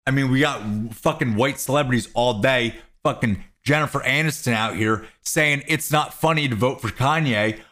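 Profane, excitable young man ranting. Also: medium pitch. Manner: profane, excitable, mocking rant. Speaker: YouTube commentator. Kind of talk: ranting commentary vlog.

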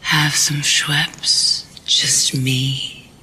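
A woman playing a sultry woman in a drink advert, in a breathy, drowsy whisper. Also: low-pitched, level tone, extremely slow, sharp tone, slight background noise, heavily acted, low-quality recording. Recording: played advert clip.

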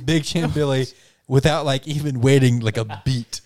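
A man's voice: medium pitch, a little slow, a little mellow. A man acting as game master, loosely narrating an improvised comedy role-play game and laughing along.

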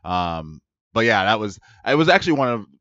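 A man chatting casually on a podcast in a relaxed way, often putting in short words of agreement. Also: on the low side, a little fast, dry recording. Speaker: podcast co-host. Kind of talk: casual chat. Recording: muffled lo-fi podcast audio.

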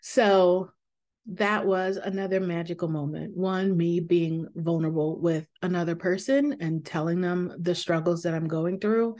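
A woman hosting her own podcast, talking candidly and reflectively in a casual way, with fillers and soft laughs. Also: lowish voice, unhurried. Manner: calming voice for guided meditations. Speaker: podcast host. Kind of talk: casual personal podcast talk.

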